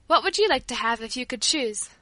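A woman's voice: sits high, lively intonation, fairly quick, bright, forceful tone, dry recording. A woman voicing an eager young girl in a storybook.

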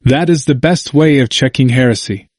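A man reading the part of a haughty bishop who speaks with smooth condescension, masking irritation. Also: medium pitch, moderate pace, dry recording, studio quality, close to an everyday voice. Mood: condescending. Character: haughty male bishop, irritated but gracious.

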